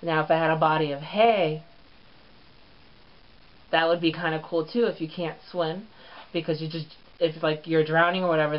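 A man hosting his own comedy vlog show, sassy and crude, with lots of swearing. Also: fairly high pitch. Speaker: show host. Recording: lo-fi dull recording.

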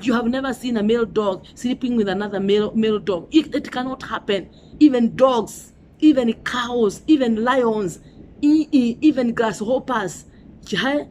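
A woman's voice: on the high side, moderate pace, darkish tone, a little hiss or hum. A middle-aged woman with a Kenyan accent preaching a sermon, emphatic and repetitive, often saying "you know" and "Hallelujah".

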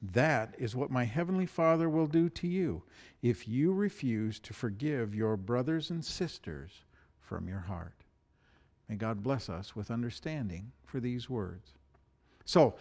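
A man preaching a sermon, reading scripture and telling a fable with animated delivery. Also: medium pitch. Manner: animated storytelling, voices the animals. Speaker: pastor. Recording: long hall reverb.

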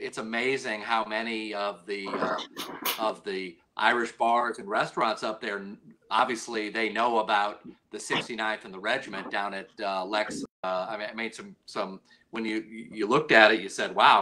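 A man's voice: fairly low pitch, bright, forceful tone. A man guest talking about cocktails, hesitant and stammering but enthusiastic. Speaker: brand representative guest. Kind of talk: casual interview.

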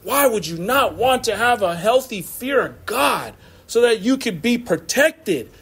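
A man with a high voice preaching from the pulpit in an American church. He talks loosely and with energy, mixing slang and quick laughs into the message. His pitch swings up and down as he drives his points home. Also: sing-song, fairly bright tone, slightly rough. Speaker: pastor. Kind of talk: sermon.

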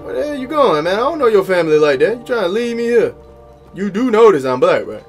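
A young man gives casual gameplay commentary, joking and slangy as he talks back at the characters. His voice is a little high and swings widely in pitch, with faint game music behind him. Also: sing-song, quick pace. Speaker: gaming YouTuber.

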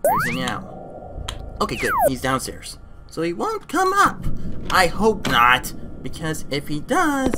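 Excitable woman narrating a horror game. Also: fairly low pitch, unhurried, very noisy. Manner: excitable, exasperated, talks to the game character. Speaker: gamer. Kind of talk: let's play commentary. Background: game music.

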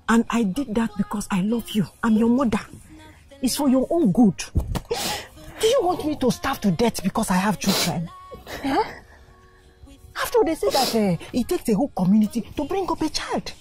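A woman's voice: on the high side, big pitch swings, moderate pace, a little mellow, soft background music. A Nigerian actress playing a poor mother who firmly coaxes her crying daughter to go away. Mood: coaxing. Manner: coaxing yet firm, persuasive.

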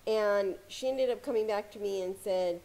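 A woman giving casual motivational advice to camera as a success coach, talking calmly with frequent "you know" fillers. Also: mid-range voice, normal speed, gravelly. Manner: calm, conversational, many "you know" fillers.

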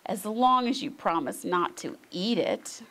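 A woman's voice: medium pitch, expressive, a little slow, fairly bright tone, a little hiss or hum. A woman voicing a friendly young male animal who loves books, cheerful and encouraging, in a children's storybook.

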